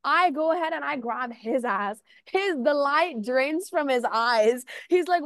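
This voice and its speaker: A young woman talks as a podcast guest in a fairly high voice, telling stories in a loose, animated way and acting out what others said. The sound is close and dry, with no room around her. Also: a little slow, few pauses, no echo. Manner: animated storytelling, acts out quotes, frequent "like". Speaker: artist guest. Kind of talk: casual podcast chat.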